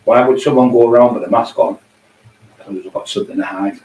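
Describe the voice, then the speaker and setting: A man's voice: mid-range voice, fast talker, darkish tone. Middle-aged man ranting aggressively, echoey. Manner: aggressive, profane, taunting. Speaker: vlogger. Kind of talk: angry ranting monologue. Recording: echoey distant room, faint hum.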